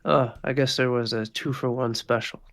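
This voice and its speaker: This is a tough, foul-mouthed gang leader, as a man puts him on at the table. He talks bluntly and sneers, in a medium-pitched voice. The menace stays low-key rather than shouted. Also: steady tone, moderate pace, natural voice. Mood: sneering. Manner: blunt, sneering, swears often. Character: menacing profane adult male gang boss.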